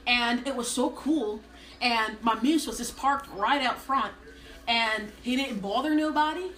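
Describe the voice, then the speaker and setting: A woman's voice: fairly high pitch, fairly bright tone, reverberant, slight background noise, poor audio. A woman putting on a chirpy folksy Minnesota gal. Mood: folksy cheerful. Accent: put-on Minnesota. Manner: singsong, drawn-out vowels with "eh" tags.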